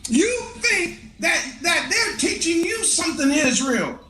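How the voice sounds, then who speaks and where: A man preaching a street sermon, impassioned, often shouting and laughing as he swings between high and low. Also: very animated, measured pace, echoey room.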